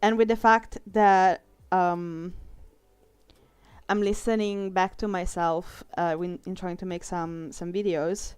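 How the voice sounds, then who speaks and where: A woman's voice: lowish voice, steady tone, slow, darkish tone, smooth, no room sound. A young woman with an Italian accent, an illustrator chatting casually and self-mockingly while she draws on a stream, laughing often. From Italy. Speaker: illustrator live-streaming a drawing session. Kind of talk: casual chat while drawing.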